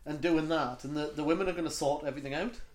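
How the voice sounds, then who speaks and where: A man's voice: a little high, fairly even intonation, fast talker. A man co-hosting a podcast in casual, jokey chat, rambling and laughing often. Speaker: podcast co-host.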